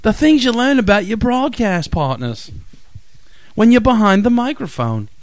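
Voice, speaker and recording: A man's voice: high-pitched, sing-song, normal speed, dry recording. A man co-hosting a radio show, joking around and hamming up Aussie slang. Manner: goofy, hams up Aussie slang. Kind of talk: joking on-air banter.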